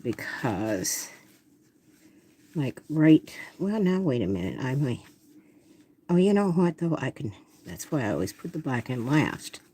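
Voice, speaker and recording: A woman's voice: a bass voice, big pitch swings, unhurried, pauses often, dark tone, slight background noise. An older woman artist who chats casually and talks to herself while she demonstrates drawing.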